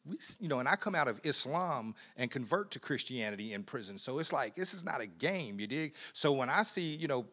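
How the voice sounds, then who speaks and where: A man preaching a sermon in a conversational way, repeating words, laughing often, and swinging from quiet asides to loud emphatic bursts. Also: mid-range voice, big pitch swings, brisk, hardly any pauses.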